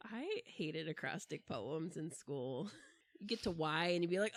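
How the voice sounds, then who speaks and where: A woman co-hosting a podcast in casual chat, animated and quick to exclaim. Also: no echo. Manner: animated, exclaims, swings pitch widely. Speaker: podcast co-host.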